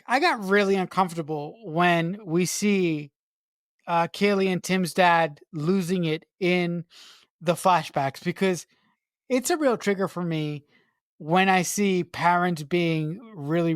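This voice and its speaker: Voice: medium pitch, unhurried, no echo, clean studio sound. A podcast co-host giving earnest, candid opinions about a film in casual chat. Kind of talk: casual movie review chat.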